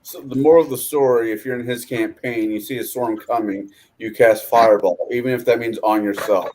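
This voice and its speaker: A man's voice: mid-range voice, fairly even intonation, a little fast, a little mellow. A man on a podcast panel, joking and bantering playfully with the others. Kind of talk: casual podcast discussion.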